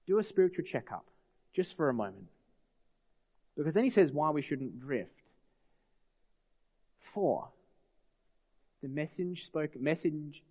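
A man preaches in a slightly raised voice, earnest and questioning his listeners. His words ring out with a long reverb in a church hall. The recording sounds a little dull and lo-fi. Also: a little high. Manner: earnest, asks the congregation rhetorical questions. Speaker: pastor. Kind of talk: sermon.

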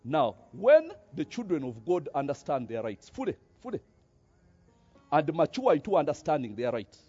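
Preacher guy, lively up and down voice, kinda husky, lo-fi recording with soft music under it. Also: on the high side, moderate pace. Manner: animated, many rhetorical questions, tag "eh?". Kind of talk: sermon.

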